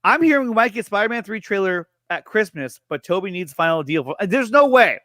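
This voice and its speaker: High bright-voiced young man hosting a livestream. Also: lively intonation, no echo, clean studio sound. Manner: reads viewer messages aloud and thanks them, upbeat and chatty; quick laughs and frequent restarts. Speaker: host of a review and reaction show. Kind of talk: casual livestream chat.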